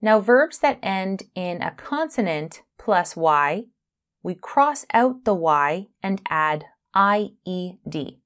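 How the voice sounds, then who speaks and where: A woman teaching a beginner English grammar lesson, speaking slowly and carefully, spelling out letters and stressing words for clarity. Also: mid-range voice, fairly bright tone.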